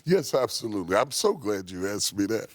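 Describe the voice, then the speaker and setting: A man's voice: lowish voice, big pitch swings, moderate pace, background noise. A man who is a bishop, telling a personal story in an emphatic, preacherly way during a TV studio interview.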